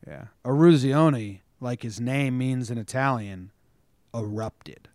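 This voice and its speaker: Young man in animated casual sports chat. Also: medium pitch, slow, no echo. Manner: animated storytelling, acts out quotes, swears. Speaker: podcast co-host.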